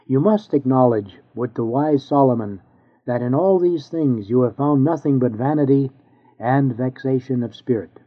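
A man reading an old sermon aloud in a measured, earnest way. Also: mid-range voice. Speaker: reader of a sermon. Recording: tinny phone-like sound.

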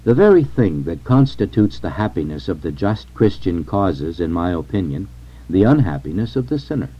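A man reading a sermon aloud in a solemn, measured way. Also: deep voice, big pitch swings, slightly rough. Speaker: reader of a sermon. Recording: dull lo-fi recording.

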